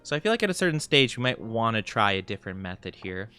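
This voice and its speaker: Young man, VTuber streamer, rambling casual chat, lively up-and-down voice, soft game music behind. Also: fairly low pitch, smooth. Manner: rambling, chatty, lots of fillers and quick laughs.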